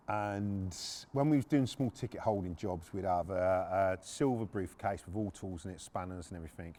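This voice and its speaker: A man's voice: sits low, normal speed, a little mellow. A middle-aged man, a podcast host and former repo man, telling a story casually and bluntly, swearing and restarting his sentences.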